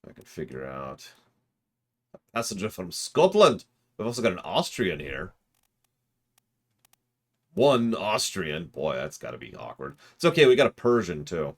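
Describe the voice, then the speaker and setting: A man's voice: sits low, wildly swooping pitch, measured pace, creaky, pauses often. A man streaming a game and chatting with his viewers, rambling as he works through puzzles aloud. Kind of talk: casual livestream commentary.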